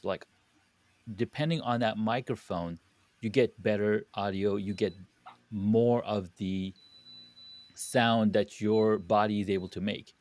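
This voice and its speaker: Deep-voiced man explaining audio gear. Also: darkish tone, no echo. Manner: explanatory, with restarts and searching for words. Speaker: guest audio and studio coach. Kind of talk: podcast conversation.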